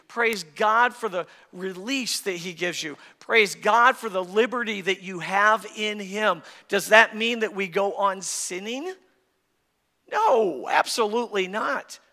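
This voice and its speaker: A man's voice: high voice, bright, forceful tone, long reverb tail. A male pastor preaching a sermon with great passion, his voice rising and dropping, recorded in a church sanctuary.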